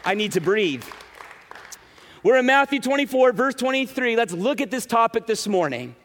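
A man preaching a sermon to his congregation in an animated way, with frequent "right?" asides. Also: very high voice, normal speed, a faint crowd. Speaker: pastor. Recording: reverberant hall.

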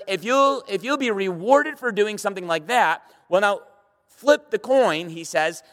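A man's voice: high voice, a bit bright. A middle-aged man preaching a sermon to a live audience in a church hall, emphatic, stumbling over repeated words and firing rhetorical questions at the room. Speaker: pastor.

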